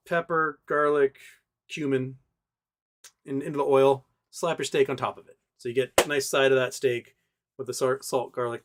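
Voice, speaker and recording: A man's voice: medium pitch, fairly bright tone, clean tone. A man hosting a casual livestream, rambling with lots of fillers and restarts as he reads out viewer chat. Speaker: livestream host.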